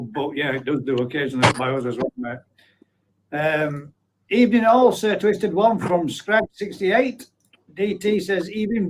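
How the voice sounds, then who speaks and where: Chatty fortysomething guy hosting a live stream, reads out comments, laughs a lot, swears casually, bit higher pitched. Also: rough recording. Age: 40s. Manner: chatty, blunt, swears offhand, laughs often. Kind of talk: casual chat, reading out viewer comments.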